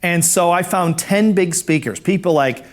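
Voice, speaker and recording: A man telling a personal story to an audience in a lively way, putting on other people's voices as he goes and clearing his throat now and then. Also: high voice, moderate pace. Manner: animated, acts out cheery quoted voices. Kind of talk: storytelling talk.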